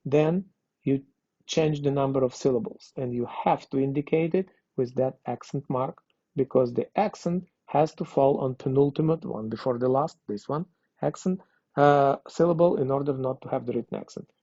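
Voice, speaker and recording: A man's voice: medium pitch, normal speed, warm tone, dry recording. A man teaching a language lesson, explaining grammar patiently and checking understanding with frequent questions. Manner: patient, repeats and checks with "okay?". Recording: dull lo-fi dry recording.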